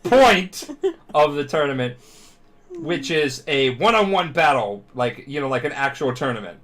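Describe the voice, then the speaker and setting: Tipsy young dude rambling and swearing, podcast co-host, mid-pitched voice. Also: male voice, normal speed. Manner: rambling, profane, animated. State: drunk. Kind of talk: drunk, rambling retelling of a show.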